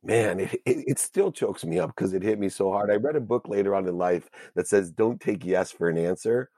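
A man telling a personal story as an interview guest, earnest and emotional, with halting restarts. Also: fairly low pitch, mellow, husky, no echo, studio quality.

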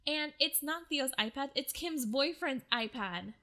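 Woman, chatty recap storyteller; rambling, swears, bright timbre. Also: sits high, expressive, a little slow. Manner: rambling, filler-heavy retelling with swearing. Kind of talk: casual chat.

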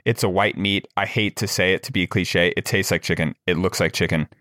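A man with a low voice talks casually on a podcast. He tells a long, rambling story with plenty of fillers and restarts, recorded dry and close to the mic. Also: steady tone, a little fast, pushed and bright, dry recording. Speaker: podcast co-host. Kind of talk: casual chat.

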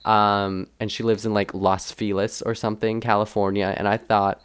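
A man's voice: on the low side, flat delivery, moderate pace, hardly any pauses, smooth, no room sound. A man co-hosting a podcast, chatting casually in a rambling, self-deprecating way. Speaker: podcast co-host. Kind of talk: casual chat.

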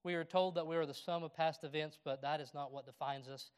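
A man's voice: fairly high pitch, fairly even intonation, fast talker, clean tone. A middle-aged man preaching a sermon, reading scripture aloud and telling personal stories with a laugh. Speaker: pastor.

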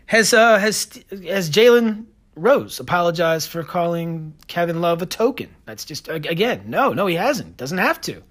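A man's voice: sits high, sing-song, a bit bright. A man hosting a solo podcast, ranting in a combative, sarcastic way and daring listeners to prove him wrong. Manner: combative, sarcastic, fast-talking. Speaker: podcast host. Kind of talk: opinionated solo podcast rant.

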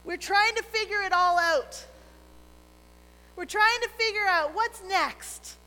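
A middle-aged woman preaching a sermon as pastor, earnest and gentle, dropping to a near hush on key phrases. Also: very high voice, slow pace, in a large hall, rough recording.

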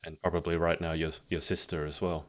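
A man's voice: rumbling low, level tone, brisk. A man hosting a casual live-stream pageant interview over a video call, chatty and teasing as he reads out viewer comments. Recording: dull lo-fi video call audio.

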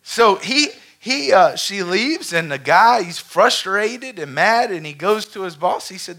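Pastor, man, preaching with a bright, cutting edge to his voice, storyteller, calls for amen. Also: high voice, animated, unhurried, hardly any pauses. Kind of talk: sermon with storytelling. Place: church sanctuary before a congregation.

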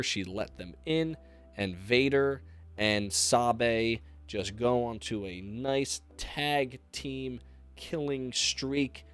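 A man's voice: mid-range voice, drawn-out words, fairly bright tone, clear, resonant tone, faint music behind. A male podcast host giving an enthusiastic, casual recap of a comic, with fillers and asides.

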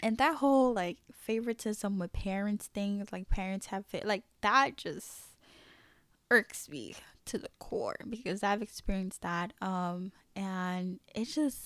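A woman's voice: mid-range voice, measured pace, clean tone, no room sound. A woman hosting a faith podcast, talking candidly and emphatically in a casual way, peppered with "like". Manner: candid, emphatic, heavy use of "like". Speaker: podcast host.

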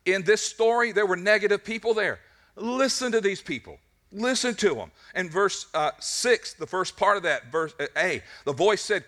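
A man preaching a sermon at a church service, telling a story in an animated way and often repeating his words as he goes. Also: high-pitched, moderate pace. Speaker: pastor.

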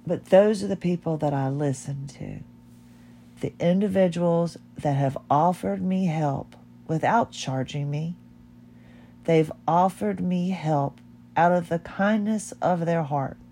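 A woman's voice: lowish voice, takes it slowly, mellow, slight background noise. A middle-aged woman hosting her own podcast, talking in a heartfelt, rambling and candid way. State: tearful. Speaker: podcast host. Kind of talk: personal podcast monologue.

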